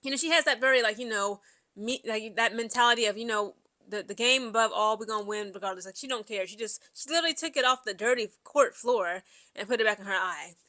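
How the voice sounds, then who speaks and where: Speaking quickly in a slightly high voice, a young woman reads an article aloud and offers chatty sports commentary. There's no room sound, and her animated talk is packed with fillers like "like" and "you know."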